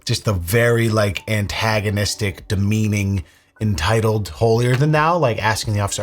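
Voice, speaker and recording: A man's voice: fairly low pitch, normal speed. Sarcastic young man commenting on footage. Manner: sarcastic, mocking, casual swearing. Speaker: commentary host. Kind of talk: reaction commentary on bodycam footage.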